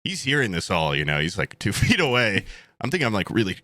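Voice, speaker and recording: A young man spins a comic story on a podcast, jumping between voices as he acts out each quote. His tone is bright and lively, with a low pitch and a lot of movement in it. The mic is close and the sound is dry. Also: quick pace, no room sound. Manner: animated, acts out quotes, swears freely. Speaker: podcast co-host. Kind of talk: casual comedic storytelling.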